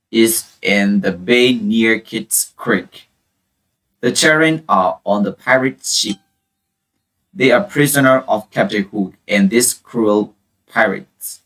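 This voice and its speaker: A man reading a children's story aloud for English learners, clear and deliberate. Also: fairly low pitch, a bit bright, recorded from a distance, poor audio.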